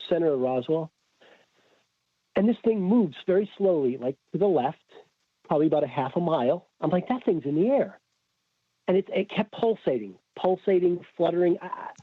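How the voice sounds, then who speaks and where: A man's voice: a little high, no echo. A man guest telling a story in casual chat, acting out quoted dialogue. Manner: animated, acts out quoted dialogue. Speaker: podcast guest. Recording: tinny phone-like remote call.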